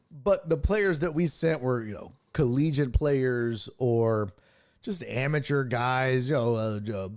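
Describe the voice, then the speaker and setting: A man's voice: mid-range voice, a little mellow. A man hosting a casual livestream sports talk show who rants, swears and restarts sentences often. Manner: profane, ranting, restarts often.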